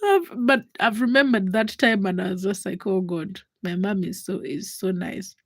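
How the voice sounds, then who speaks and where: A woman in her twenties, hosting a livestream and telling a personal story in a casual, animated way, acting out the voices of the people in it. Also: medium pitch, normal speed, slightly rough, dry recording. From Uganda. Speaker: livestream host.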